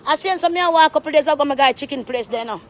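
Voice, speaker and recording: A woman's voice: high-pitched, racing. Emphatic woman telling a story. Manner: emphatic, repetitive, preachy asides. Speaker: vlogger. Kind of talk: rambling storytelling to camera.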